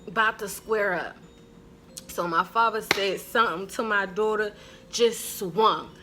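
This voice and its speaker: A woman telling a story in a casual vlog, animated and profane, laughing often. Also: medium pitch, measured pace, noisy background.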